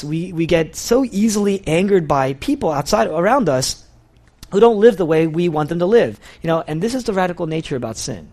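A man with a somewhat high voice gives a sermon in an easy, conversational way. He sounds earnest and confessional, and he often restarts his sentences and fills pauses with "you know". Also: a little mellow. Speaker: pastor.

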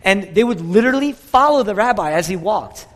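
Man, pastor, sermon, dynamic preaching, slightly high voice, long hall reverb. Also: lively intonation, fairly quick. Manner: dynamic preaching, rising and falling in pitch and loudness.

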